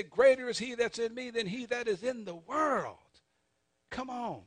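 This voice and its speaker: Fervent high-voiced male preacher. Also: expressive, a little slow, dry recording. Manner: call-and-response preaching, urging the congregation; swings between soft asides and loud emphatic peaks. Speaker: pastor. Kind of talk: sermon.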